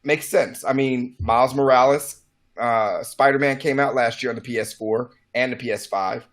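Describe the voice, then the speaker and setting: A man's voice: medium pitch, normal speed, a bit bright. A man co-hosting a casual video game podcast, giving opinionated takes with wry asides. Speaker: podcast co-host. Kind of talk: casual gaming news chat.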